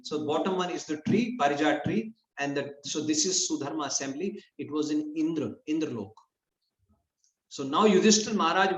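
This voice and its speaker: A man with a somewhat high voice tells a scripture story in an easygoing class style. He restarts his sentences often and slips into lively quoted voices. The sound is roomy and dull, like a lo-fi room recording. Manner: conversational, with frequent restarts and lively acted quotes.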